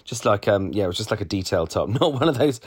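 A man co-hosting a podcast in casual chat, cheeky and teasing, quick to laugh. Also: on the low side, expressive, slightly rough. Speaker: podcast co-host.

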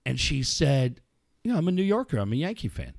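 A man in casual chat, telling a profane, animated story to a friend. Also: medium pitch, fairly quick, creaky, dry recording, clean studio sound. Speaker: podcast co-host telling a story.

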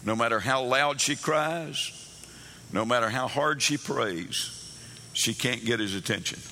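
A man's voice: medium pitch, measured pace, bright, forceful tone, slight background noise. A man preaching a sermon, telling Bible stories and acting out the characters' pleas in a raised voice. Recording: long hall reverb.

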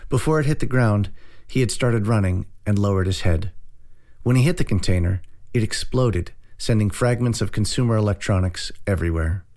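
A man narrating an audiobook in a steady, dry storytelling way. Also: fairly low pitch, moderate pace.

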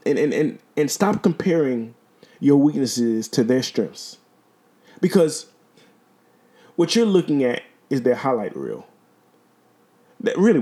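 A man's voice: on the high side, mellow. A middle-aged man hosting a podcast, talking earnestly in a motivational monologue that stumbles and repeats words. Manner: repetitive, stumbling, earnest and exhortative. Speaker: podcast host.

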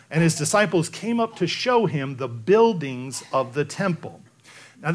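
Lively, higher-voiced male preacher. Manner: emphatic, builds to slow dramatic phrases. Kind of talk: expository sermon.

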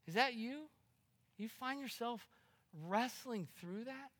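A man's voice: extremely high pitch, lively intonation, normal speed. Middle-aged guy pastor preaching, chatty, keeps restarting words, echoey church hall. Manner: conversational storytelling, swings from loud to hushed; repeats and restarts words often. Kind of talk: sermon. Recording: reverberant hall.

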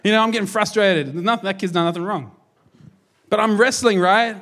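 High-voiced man preaching a lively sermon. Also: brisk. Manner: energetic, jokey, conversational preaching. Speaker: pastor.

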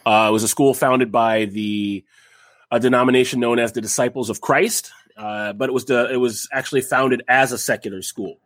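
A man's voice: medium pitch, steady tone, normal speed, fairly bright tone, no echo. Chatty man, dry close sound. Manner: rambling, frequent fillers and restarts, jokey asides. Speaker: podcast host telling a history story. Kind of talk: casual storytelling chat.

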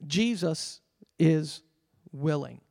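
High-voiced preaching man, church reverb. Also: lively intonation, vocal fry, darkish tone. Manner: earnest preaching, slows down to read scripture aloud. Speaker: pastor. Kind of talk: sermon. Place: church sanctuary. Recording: long reverb of a church hall.

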